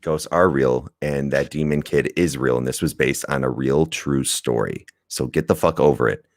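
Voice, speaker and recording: Podcast co-host, male, very deep voice, dry close sound, argues back with swearing. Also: moderate pace, no room sound. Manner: defensive, profane, laughing. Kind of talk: casual podcast chat.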